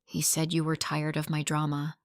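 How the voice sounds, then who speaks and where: A woman's voice: deep voice, completely flat delivery, moderate pace, no room sound. A woman reading as a guarded, tired grown daughter. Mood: worried. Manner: soft, hesitant.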